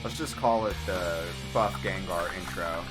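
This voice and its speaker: A man hosting a live-stream clip tournament in casual chat, excitable and rambling with lots of fillers. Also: low-pitched, a little slow, over loud music.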